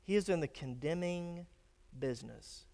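A man preaching a sermon, swinging from emphatic declarations to hushed, grave warnings. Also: a little high, lively intonation, normal speed, gravelly. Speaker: pastor. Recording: long reverb of a church hall.

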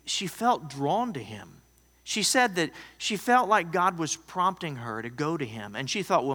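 A man preaches in a large church hall, his bright voice sitting a little high. He tells his story dramatically, rising loud and then dropping to near whispers. Long reverb trails after each phrase. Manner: storytelling, swings from loud to hushed. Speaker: pastor. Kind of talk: sermon.

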